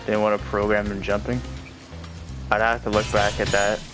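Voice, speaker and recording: A man with a low voice gives relaxed, rambling commentary while playing a game. He fills his talk with "like" and drifting asides. Game music plays clearly behind him. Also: moderate pace. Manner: rambling, with frequent filler "like". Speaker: let's play commentator. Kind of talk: casual gameplay commentary.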